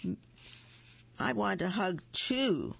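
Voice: mid-range voice, expressive, takes it slowly, gravelly, fairly bright tone, lo-fi sound, slight background noise, pitched above the performer's own voice, full character voice. A storybook reader voicing a small, cheerful, chirpy bird in a raised, eager voice. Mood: excited.

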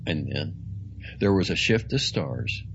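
Deep slow gravelly male narrator. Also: expressive, fairly bright tone, dull audio, slight background noise. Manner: slow, deliberate and dramatic. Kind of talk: audiobook reading.

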